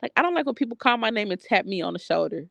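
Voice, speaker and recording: A woman's voice: fairly high pitch, animated, racing, gravelly, fairly bright tone, dry recording, muffled recording. A middle-aged woman, a psychic medium, talking frankly and bluntly in a personal video journal.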